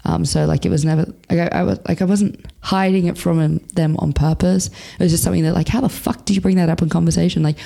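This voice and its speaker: A woman's voice: lowish voice, fairly even intonation, fast talker, gravelly, few pauses, warm tone. A young Australian woman in her twenties, a guest in a casual interview, talking frankly and swearing freely with lots of fillers. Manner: frank and swears freely, laughs a lot, chatty with many fillers. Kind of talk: casual candid chat.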